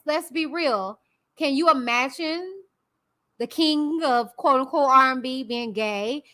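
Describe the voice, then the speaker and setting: Bright, high-voiced woman giving blunt commentary. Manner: candid, opinionated, talks directly to viewers. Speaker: YouTube commentary host. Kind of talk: casual live-stream commentary.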